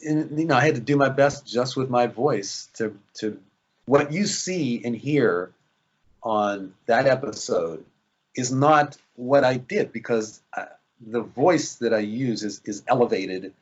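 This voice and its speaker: A man's voice: medium pitch, measured pace, muffled recording. A man, an actor, chatting in an interview, rambling with lots of fillers and restarts. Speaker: actor guest. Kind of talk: casual interview chat.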